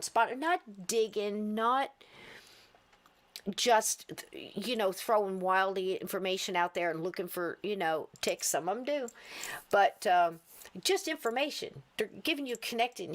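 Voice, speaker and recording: A woman's voice: medium pitch, fairly bright tone. Woman podcast host, casual and talkative, easy laughter. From US East Coast. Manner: chatty, rambling, laughs often.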